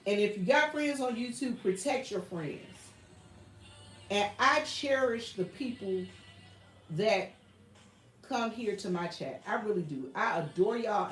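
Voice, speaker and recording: A YouTube livestream host with a Southern US accent chats casually from her home workshop, a printer running nearby, earnest, repetitive, and calling viewers y'all. Her mid-range voice is expressive and unhurried, recorded from a distance in a reverberant space with faint music behind and low quality overall.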